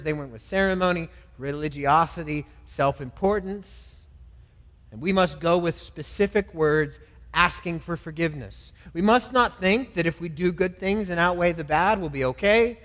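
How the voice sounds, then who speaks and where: A male pastor preaching an earnest sermon, rising loud on pleas and dropping soft on scripture. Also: fairly high pitch, big-room sound.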